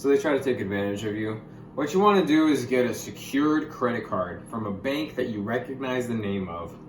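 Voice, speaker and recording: A young man explaining money topics in a casual vlog, goofy and jokey, with sudden loud, excited bursts. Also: mid-range voice, a little fast, echoey room, background noise. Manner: goofy, hyper bursts, calls viewers gamers. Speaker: YouTuber.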